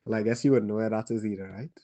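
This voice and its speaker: A man with a Trinidadian accent playing a weary male survivor who tells a child about the war in a grave, halting monologue. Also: fairly low pitch, dark tone, natural voice. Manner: halting, grave, pauses and restarts. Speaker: storyteller. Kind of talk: dramatic monologue.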